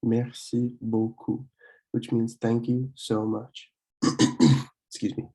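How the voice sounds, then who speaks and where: A young man teaching a French lesson from slides, slowly repeating words and often clearing his throat to correct himself. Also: medium pitch, monotone, warm tone, low-quality recording. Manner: slow, repeated pronunciation drills. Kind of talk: slide-based language lesson.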